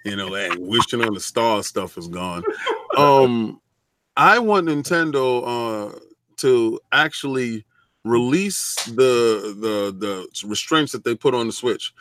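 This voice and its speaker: A man's voice: medium pitch, animated, slow pace, fairly bright tone, no room sound. A man hosting a casual gaming livestream, teasing his co-host and reading chat messages aloud.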